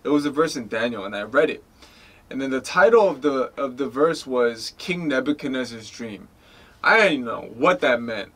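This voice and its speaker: A man's voice: medium pitch, normal speed, breathy edge. A man in his twenties from the United States, a guest telling stories in a casual interview, acting out quoted lines with lots of "like" and "you know". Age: 20s. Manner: animated storyteller, acts out quoted lines.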